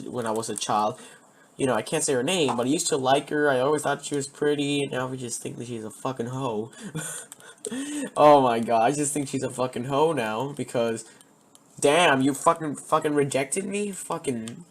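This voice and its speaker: A man's voice: medium pitch, a little hiss or hum. Rambling, swearing young-sounding man. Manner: profane, meandering, keeps losing his thread. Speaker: vlogger telling personal stories. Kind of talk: rambling casual storytelling.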